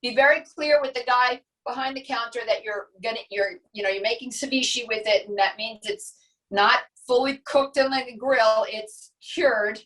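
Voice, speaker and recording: A woman's voice: fairly high pitch, moderate pace, fairly bright tone, recorded from a distance, poor audio. A middle-aged woman chatting casually as a guest while she shows how she makes a dish, explaining step by step with many asides. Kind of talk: casual cooking demo chat.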